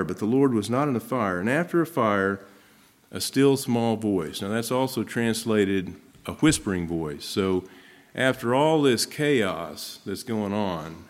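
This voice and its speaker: Man preaching a sermon, scripture and commentary. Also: on the low side. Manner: reads scripture aloud then explains it conversationally. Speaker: pastor.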